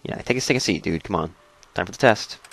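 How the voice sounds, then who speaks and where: A man's voice: sits low, lively intonation, fast, gravelly, a bit bright, slightly rough. A man giving joking, sarcastic commentary over a video game, with his voice cracking. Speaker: let's play commentator. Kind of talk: jokey gameplay commentary.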